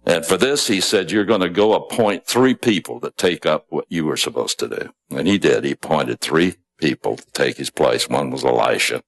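A man's voice: extremely low pitch, moderate pace, few pauses. A man preaching a sermon, retelling a story in a conversational way with asides and small chuckles.

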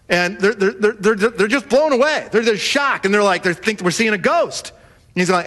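A man preaching a sermon, telling the story in a lively way and acting out the voices of the people in it. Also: sits high, moderate pace. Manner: animated storytelling, acts out voices of the disciples. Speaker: pastor.

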